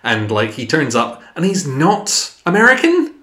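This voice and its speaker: A man's voice: on the high side, wildly swooping pitch, a little slow, bright, forceful tone. A man co-hosting a podcast, chatting casually about a film with lots of fillers and restarts. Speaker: podcast co-host.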